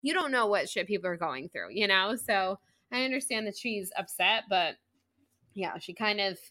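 A woman co-hosting a podcast, talking casually and at length about a book, with lots of fillers and a rambling, animated delivery. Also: mid-range voice, normal speed, no echo. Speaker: podcast co-host.

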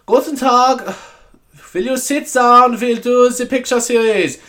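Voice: medium pitch, measured pace, sharp tone, pitched above the performer's own voice. A podcaster putting on a clipped German teacher. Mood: insistent. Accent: German, put on. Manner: emphatic clipped repeating. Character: strict German woman teacher, insistent.

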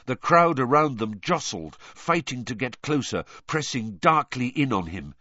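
Guy reading an audiobook, really expressive up and down voice, dry kinda muffled sound. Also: medium pitch, a little slow, hardly any pauses, no room sound. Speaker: narrator. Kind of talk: audiobook narration.

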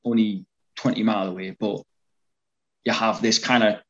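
A man with a North East English accent talks loosely as an interview guest, his low voice coming through a dull, lo-fi recording. He rambles with frequent ums and restarts. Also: fairly even intonation, normal speed. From North East England. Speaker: interview guest, fan film actor. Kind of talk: casual interview chat. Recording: dull lo-fi sound.

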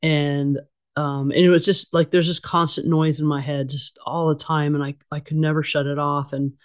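A woman's voice: low voice, flat delivery, normal speed. Blunt middle-aged woman talking candidly. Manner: blunt, casual, with frequent fillers and restarts. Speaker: interview guest. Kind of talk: candid conversational storytelling.

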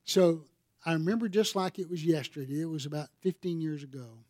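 An older man delivers a sermon, his voice sitting somewhat high for a man. He tells stories from the pulpit and presses harder and louder when he drives a point home. The sound is close and dry. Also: fairly quick, no room sound. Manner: emphatic storytelling, swelling louder and higher on key points. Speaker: pastor. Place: church sanctuary.

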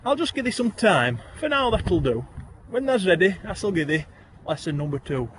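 A man with a broad Yorkshire accent recites rhyming verse in a lilting, sing-song rhythm, his voice sitting a bit high for a man. A faint hiss of ambient noise runs under the recording. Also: very animated, normal speed, a bit bright. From Yorkshire, England. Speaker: guest poet. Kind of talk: reciting rhyming dialect poems.

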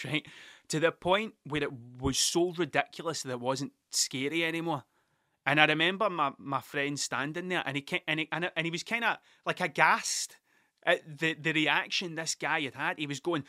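Scottish man, podcast host, casual sweary monologue, rambling and animated, bright edgy tone, dry close sound. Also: fairly high pitch, a little fast, dry recording.

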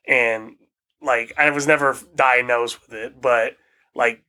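A man's voice: medium pitch, fairly even intonation, takes it slowly, pushed and bright, smooth. A young man speaking hesitantly in a casual chat, subdued and swearing.

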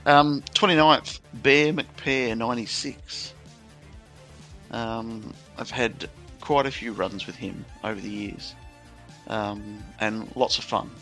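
A man co-hosting a casual gaming podcast, reading out rankings in a relaxed, unhurried way. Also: mid-range voice, soft background music. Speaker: podcast co-host.

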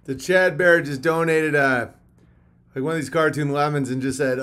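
Man, livestream host, casual rambling chat, fairly high voice, loud animated rants. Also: moderate pace. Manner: rambling, reads donations aloud, swings to loud animated rants.

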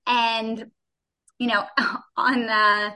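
A woman in her forties talks through her story as an interview guest, chatty and laughing easily. Her voice is bright and forceful, and she acts out the people she quotes. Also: fairly high pitch, level tone, extremely slow.

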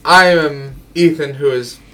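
A man's voice: a little high, unhurried, pushed and bright, recorded from a distance. A man in his twenties hosting a casual podcast, joking and a little drunk. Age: 20s. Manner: loose, joking, slightly tipsy banter. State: slightly drunk. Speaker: podcast host. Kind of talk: casual chat.

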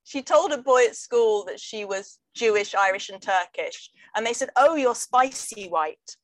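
A middle-aged English woman, a comedian, talking in a wry, jokey way with quick asides in casual conversation. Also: medium pitch, dry recording, poor audio. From England. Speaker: comedian guest. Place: London.

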